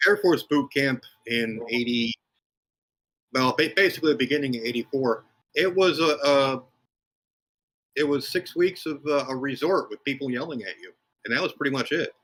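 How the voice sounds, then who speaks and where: A man's voice: mid-range voice, normal speed, fairly bright tone, poor audio. A man in his fifties, a podcast guest, telling dry, wry anecdotes in a casual chat.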